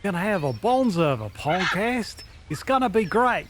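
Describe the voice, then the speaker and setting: A man doing an excitable Australian bloke. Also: high-pitched, moderate pace, noisy background. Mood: cheerful. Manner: overexcited, yelping in panic. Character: Austin, hapless Australian podcast co-host man.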